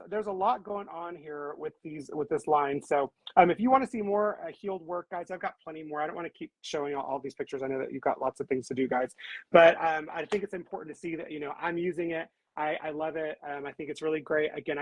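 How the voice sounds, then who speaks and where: With a low-sitting, husky and faintly breathy voice, this host runs a relaxed live stream. Cheerful and talkative, she repeatedly addresses viewers as "guys," and the audio is dry, close-miked, and free of room sound, much like a video call.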